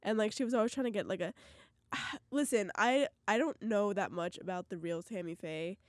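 A woman's voice: medium pitch, moderate pace, no room sound, clean studio sound. A woman co-hosting a podcast, chatting in a playful, jokey way. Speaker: podcast co-host. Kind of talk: casual chat.

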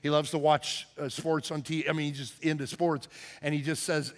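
Middle-aged male pastor, higher voice, confessional storytelling sermon with sudden loud outbursts. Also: fairly even intonation, fast. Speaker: lead pastor.

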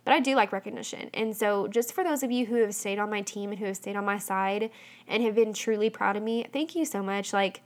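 A young woman hosts a casual solo podcast, speaking briskly in a medium-pitched voice. She's chatty and leans heavily on fillers like "um" and "like".

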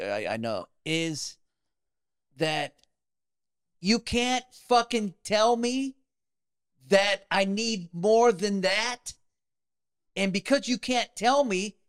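High-voiced, animated male host. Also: slow, pauses often, smooth. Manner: emphatic, swears freely. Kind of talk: interview conversation.

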